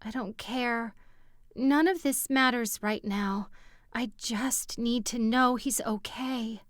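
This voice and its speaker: A woman's voice: on the high side, takes it slowly, no room sound, clean studio sound, pitched above the performer's own voice. A woman narrator voicing a shaken, worn-out young woman who speaks frankly, in an audiobook. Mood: tired. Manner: frank, tired. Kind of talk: audiobook character voice.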